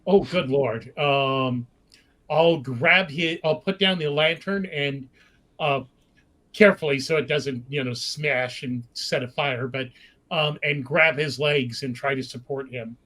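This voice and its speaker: A man's voice: medium pitch, measured pace, fairly bright tone. A man playing in a tabletop game, engaged and declaring his character's actions in first person. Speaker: player. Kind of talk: tabletop role-play, speaking as his character.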